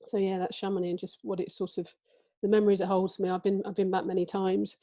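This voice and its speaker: A woman's voice: medium pitch, flat delivery, fast talker, warm tone, dry recording. A woman in her forties from England giving an illustrated book talk, speaking hesitantly with many fillers and restarts, and reading passages from her book.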